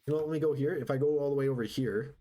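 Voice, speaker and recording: A man's voice: medium pitch, very fast, dark tone. A man streaming himself playing a building game, chatting casually to viewers as he plays. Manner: chatty, talks to chat while building. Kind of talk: casual live-stream gameplay commentary.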